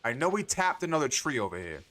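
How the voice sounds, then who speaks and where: A man's voice: medium pitch, big pitch swings, fast talker, fairly bright tone. A man livestreaming a farming game, rambling to himself and swearing often in casual commentary.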